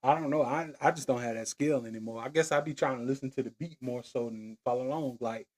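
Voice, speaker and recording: A man with a mid-range voice talks at a quick pace on his own podcast. The solo monologue is loose and playful, drifting into rhymes and chuckles.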